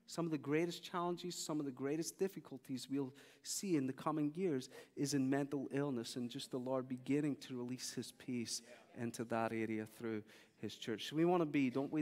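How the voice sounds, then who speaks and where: A man's voice: medium pitch, long reverb tail. A man preaching a sermon, telling stories and acting out the people in them. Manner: animated storyteller, acting out quoted speech. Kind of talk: sermon with storytelling. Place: large church hall.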